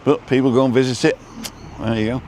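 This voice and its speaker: A man's voice: medium pitch, fairly even intonation, quick pace, a little mellow, slight background noise. A man chatting casually while driving and filming, reading out viewer comments with a dry, joking manner. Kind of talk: casual live-stream chat while driving. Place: inside a car.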